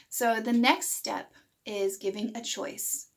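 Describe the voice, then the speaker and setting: A woman's voice: on the high side, expressive, a little slow. A woman in her thirties giving a parenting lesson to camera, explaining plainly and acting out what a parent might say. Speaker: parenting educator.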